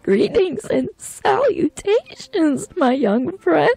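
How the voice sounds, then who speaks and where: A woman putting on a pompous, formal greeter voice, speaking in a raised, drawn-out tone. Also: extremely high pitch, sing-song, gravelly, mellow, no echo, voice pushed up, full character voice. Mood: grandiose.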